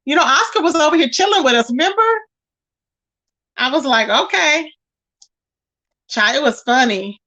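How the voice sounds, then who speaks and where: Sassy, animated woman chatting to viewers. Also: sits high, brisk, long pauses. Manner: sassy and animated, calls listeners child and baby. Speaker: YouTube commentary host. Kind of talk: casual chat to a live audience.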